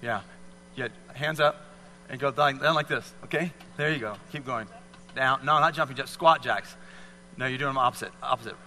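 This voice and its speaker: A man's voice: medium pitch, moderate pace, sharp tone, long reverb tail. A man leading a live fitness demonstration for an audience, coaching volunteers with encouraging, repeated cues. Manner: encouraging, coaxing, repetitive cues.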